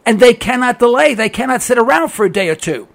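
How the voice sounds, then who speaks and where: Man, commentator, opinionated monologue, emphatic, repeats himself for effect, sarcastic, unusually high voice, rough gravelly edge. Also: sing-song, fast talker. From United States. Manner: emphatic, sarcastic, hammers points by repetition. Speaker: political commentator. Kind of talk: opinionated radio-style monologue.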